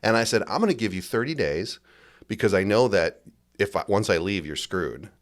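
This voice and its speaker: A man's voice: on the low side, normal speed. A man guest on a podcast, telling his stories casually and animatedly, acting out the people he quotes. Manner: animated, acts out quoted bosses in raised voices. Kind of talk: casual storytelling. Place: based in Las Vegas.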